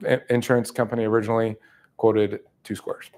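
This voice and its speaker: A middle-aged man leading a sales training, telling stories casually and acting out quoted lines with sudden jumps in pitch. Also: level tone, brisk, darkish tone. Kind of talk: casual training talk with storytelling.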